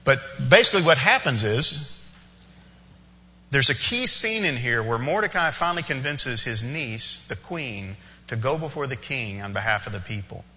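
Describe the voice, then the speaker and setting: Bright-voiced man preaching in a hall. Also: medium pitch, dull audio. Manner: animated storytelling, quick asides to the congregation. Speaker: pastor. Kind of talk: sermon.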